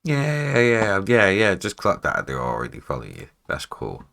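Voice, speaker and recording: A man's voice: fairly low pitch, wildly swooping pitch, moderate pace, vocal fry, fairly bright tone. A man, chatting casually to his viewers during a live stream, swearing freely, tired and yawning. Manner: chatty, swears casually, talks to chat between tasks. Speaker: music producer streaming live.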